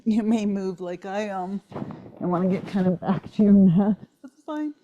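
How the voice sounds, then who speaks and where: Breathless woman leading a gentle yoga class. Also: medium pitch, normal speed, lo-fi sound. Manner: encouraging, relaxed, repeats "right?" and "maybe you're here". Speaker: yoga instructor. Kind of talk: guided yoga class instruction.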